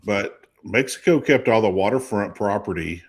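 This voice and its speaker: A man with a slightly low voice hosts a relaxed talk show. He chats freely and keeps the conversation going with questions. His tone is lively and casual. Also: moderate pace, husky. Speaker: host. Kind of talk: casual chat.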